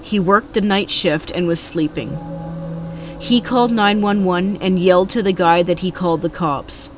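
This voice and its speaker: A woman narrating true scary stories in a calm, scripted storytelling manner. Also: fairly low pitch, moderate pace, over music.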